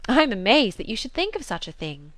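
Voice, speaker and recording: Woman voicing a headstrong young lady, emphatic, exclaiming, swooping pitch, dry sound. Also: big pitch swings, quick pace, no room sound. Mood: indignant. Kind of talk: audiobook character reading.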